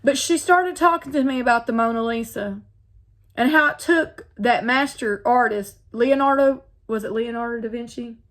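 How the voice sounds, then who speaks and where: A woman with a slightly high voice tells her own faith story in a casual, heartfelt way. She speaks earnestly, repeating herself as she goes and turning to address her viewers directly. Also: normal speed. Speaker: faith vlogger. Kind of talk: personal testimony, casual.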